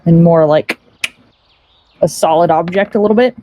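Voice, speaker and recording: A woman's voice: on the low side, moderate pace, dark tone, a little hiss or hum. A woman taking part in a tabletop role-playing game, describing her character's actions in a chatty, casual way and laughing often. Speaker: player.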